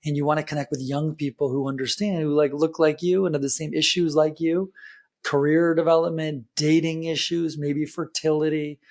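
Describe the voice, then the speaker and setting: A man's voice: a little high, little pitch movement, moderate pace, a little mellow. A man, a podcast guest, speaking from home in an enthusiastic and affirming way. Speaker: podcast guest, nonprofit founder. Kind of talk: casual interview chat.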